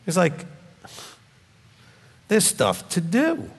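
Man, 50s, blunt scolding preacher, high lively voice, long hall reverb. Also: very slow, creaky, slightly rough. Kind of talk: sermon.

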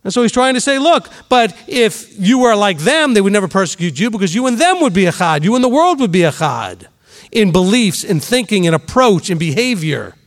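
A man's voice: high-pitched, sing-song, a little fast. A man teaching scripture, reading verses aloud and pressing his points with emphatic rhetorical questions. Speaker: Bible teacher.

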